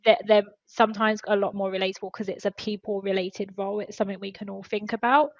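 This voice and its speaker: A woman's voice: medium pitch, steady tone, quick pace, dry recording, muffled recording. A woman, a podcast guest and former HR specialist, telling an earnest and emotional story in casual conversation.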